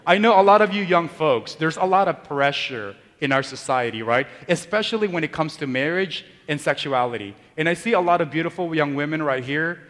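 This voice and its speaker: A man's voice: on the high side, lively intonation, a little fast, few pauses, a bit bright. A man preaching as a priest, talking conversationally and joking with the congregation. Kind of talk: sermon. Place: church. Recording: long church reverb.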